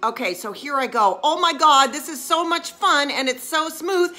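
A woman chatting casually on a live stream as she crafts, self-mocking and chatty, with excited squeals of delight. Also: sits high, normal speed, hardly any pauses, soft background music.

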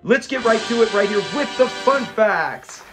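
A man with a fairly high voice talks through an episode in a loose, chatty way. He laughs easily as he retells scenes, and faint music plays underneath. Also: lively intonation, measured pace, crowd noise. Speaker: host of a classic TV review channel. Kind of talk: casual episode breakdown.

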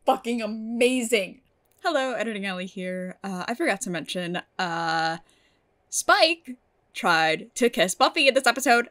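A woman's voice: a little high, lively intonation, normal speed, a bit bright. A young woman casually reviewing a TV episode. She gushes, swears freely and fills her talk with "like". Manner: gushing and emotional, swears, many "like" fillers.

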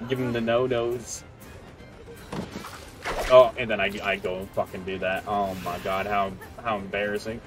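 Over game music, this male streamer taunts and jokes at his opponents during relaxed gameplay commentary. His voice sits fairly low with a steady tone, moving at normal speed with long pauses.

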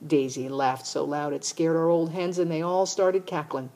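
A woman reading a children's novel aloud in a steady first-person narration. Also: deep voice, moderate pace. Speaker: audiobook reader. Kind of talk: storybook narration.

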